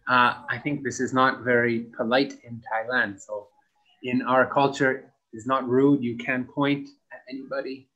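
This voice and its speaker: Slow, patient male English teacher. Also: medium pitch, little pitch movement, bright, forceful tone, lo-fi sound. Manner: spells words out letter by letter and repeats words for practice. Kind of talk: slow, clear classroom instruction.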